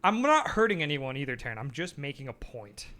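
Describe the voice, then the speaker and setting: A man streaming a narrative game live, excitable and pleading with his chat, laughing often and reading the game text aloud. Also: medium pitch, brisk.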